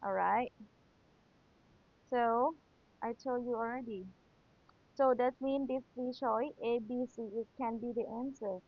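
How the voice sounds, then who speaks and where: Slow, patient young woman teacher whose first language is Thai, reviewing for an exam on a tinny, phone-like recording. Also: a little high, steady tone. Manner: patient, repeats key points, checks with rhetorical questions. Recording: tinny phone-like sound, dry.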